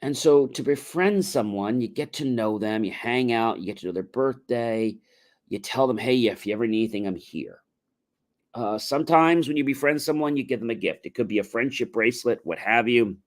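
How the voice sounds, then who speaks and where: A man's voice: mid-range voice, lively intonation, normal speed. A middle-aged man hosting a motivational livestream, talking casually and acting out both sides of imagined phone calls. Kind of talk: casual spoken advice monologue.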